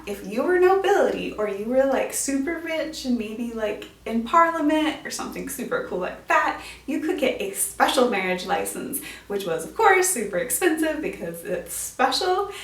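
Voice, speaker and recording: Her fairly high voice comes across distant and off-mic in a roomy space as she hosts an educational show on classic literature. The talk is upbeat vlog fare, bubbly and playful, sprinkled with casual slang.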